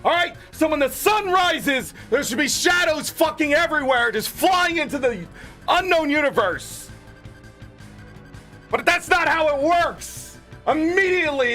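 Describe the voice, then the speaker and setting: A man's voice: very high voice, animated, normal speed, bright, forceful tone, faint music behind. A man streaming a game, ranting in an angry, profane, heated way. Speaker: gaming streamer. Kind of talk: ranting commentary over a game.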